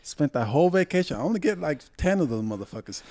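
A man's voice: fairly high pitch, very animated, quick pace, mellow, dry recording. A young adult man from Puerto Rico, heatedly telling a long, profane story as a podcast co-host. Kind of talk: casual storytelling chat.

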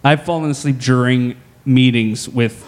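A man's voice: medium pitch, fairly even intonation, unhurried. A man co-hosting a casual podcast chat, crude and jokey, laughing often. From Canada. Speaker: podcast co-host.

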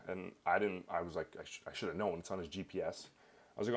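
A young Canadian man talks fast in a low-pitched voice with a Canadian accent. He rambles animatedly through a personal story, leaning heavily on fillers.

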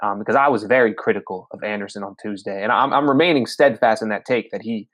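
A man hosting a casual sports podcast, talking in quick, energetic, opinionated run-on sentences. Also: fairly low pitch, no echo. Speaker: podcast host.

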